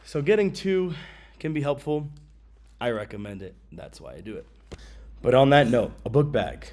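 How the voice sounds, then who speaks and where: A man's voice: medium pitch, normal speed. Laid-back slangy man showing gear. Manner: laid-back, slangy, many ums, bursts of excitement. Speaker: travel vlogger. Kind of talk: casual gear demonstration.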